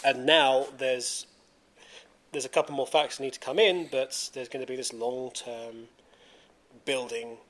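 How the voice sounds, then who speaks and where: A man's voice: mid-range voice, steady tone, a little slow, fairly bright tone. A man hosting a casual podcast, rambling and restarting his sentences, laughing easily. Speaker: podcast host.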